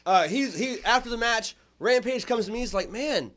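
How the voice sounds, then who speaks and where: A man hosting a podcast, telling a wrestling story in a profane, animated, joking way. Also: extremely high pitch, normal speed. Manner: profane, animated, laughs often. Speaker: podcast host, former wrestling manager. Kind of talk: casual storytelling chat.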